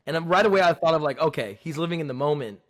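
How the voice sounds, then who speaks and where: A man's voice: on the high side, expressive, very fast, a bit bright. A man talking as a podcast guest in a casual, joking and upbeat chat.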